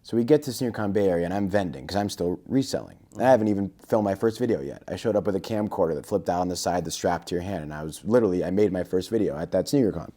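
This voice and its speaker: A man's voice: sits low, rapid-fire, few pauses. A man on a podcast as a guest, telling a casual story and acting out the dialogue. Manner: lively anecdote-telling, acting out quoted dialogue.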